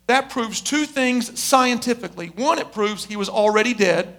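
A middle-aged man preaching a sermon as pastor, swinging between loud pleading and quiet intensity. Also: very high-pitched, lively intonation, normal speed.

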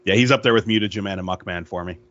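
A man's voice: deep voice, very fast, a bit bright, no echo, muffled recording. A man co-hosting a casual podcast chat, blunt and profane. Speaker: podcast co-host. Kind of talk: casual chat about toy purchases.

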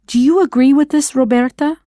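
A woman's voice: sits high, a little fast, warm tone, dry recording, studio quality. A woman narrating a scripted audio language lesson, quizzing the listener with playful questions. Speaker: language teacher.

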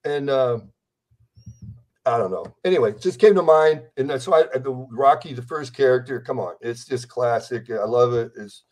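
A man in his sixties, a celebrity impersonator appearing as a podcast interview guest, speaks at a normal speed in a medium-pitched, slightly dark voice. He rambles enthusiastically and keeps slipping into impressions.

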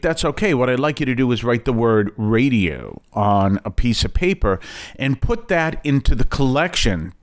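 A man with a Boston accent, a Catholic priest hosting a radio talk show in a chatty, digressive way with light self-deprecating asides. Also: medium pitch.

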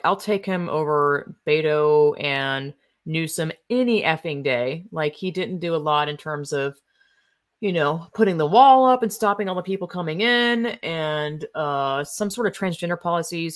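A woman's voice: low voice, normal speed. A woman hosting casual political commentary, reading out articles and reacting in a blunt, sarcastic, profane way.

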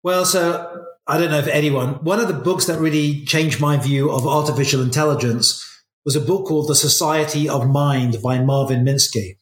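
A man's voice: a little high, steady tone, moderate pace. A middle-aged man, a guest in an interview, telling stories in a reflective way. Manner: reflective, storytelling. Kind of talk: casual interview chat. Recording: echoey room.

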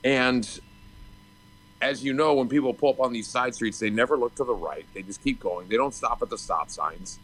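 A man's voice: medium pitch, normal speed, rough recording. Foul-mouthed man ranting. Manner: loud, swearing, storytelling with acted quotes. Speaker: podcast co-host. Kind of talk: casual profane rant. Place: Hollywood.

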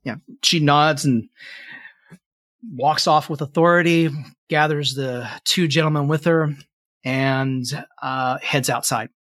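A man narrating as game master of a tabletop game, telling the story in a relaxed way, with frequent fillers. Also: fairly high pitch, takes it slowly, no room sound.

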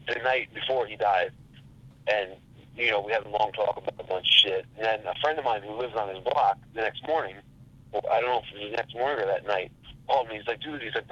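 A man telling a rambling story in a casual, profane and animated way. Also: fairly low pitch, lo-fi sound. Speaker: podcast guest.

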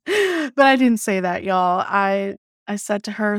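A woman hosting a podcast, telling a personal story in an animated, emphatic way, swearing freely and calling her listeners "y'all". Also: mid-range voice, slow, dry recording, studio quality. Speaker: podcast host. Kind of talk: casual storytelling monologue.

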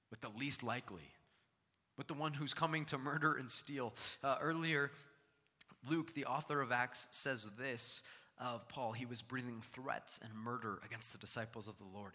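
Male pastor, animated sermon delivery, bright forceful voice, long hall reverb. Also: mid-range voice, normal speed. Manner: animated preaching, acting out scripture voices.

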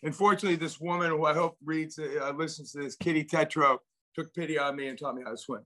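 Rambling man telling stories, slightly high voice. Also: fairly even intonation, fast, pushed and bright. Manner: rambling, many restarts and repeated words. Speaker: guest, venture investor. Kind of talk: casual interview storytelling.

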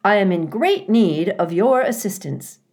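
A woman doing a booming cheerful robot. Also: very animated, moderate pace. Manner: bright, booming, overly cheerful. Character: cheerful friendly robot, female.

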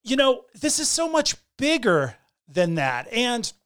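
A woman's voice: on the high side, very animated, a little slow, fairly bright tone. A middle-aged woman co-hosting a casual chat, speaking candidly and earnestly, often restarting her sentences.

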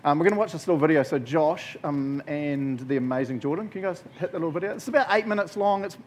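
A man's voice: on the high side, quick pace, slight background noise. A man giving a casual, jokey Bible talk to a group as a youth preacher. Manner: jokey, conversational, animated storytelling.

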